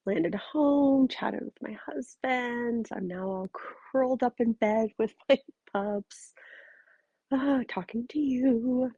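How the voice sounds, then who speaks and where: A woman's voice: a little high, slow pace, dark tone, no echo, dull audio. A woman hosting a podcast in a casual, frank and emphatic way, swearing freely, tired and talking from her bed. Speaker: podcast host and relationship coach. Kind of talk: casual solo podcast monologue. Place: bedroom, curled up in bed.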